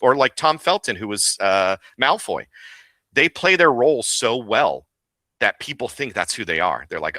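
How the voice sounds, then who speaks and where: Deep-voiced, animated man. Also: moderate pace, dry recording. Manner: animated, laughs often, jumps into voices. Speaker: voice actor and director. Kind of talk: casual interview conversation.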